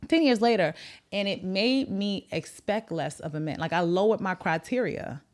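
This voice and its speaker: A woman in her thirties hosting a podcast, telling a personal story in an earnest, reflective way and growing animated when she retells what others said. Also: fairly low pitch, moderate pace. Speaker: podcast host.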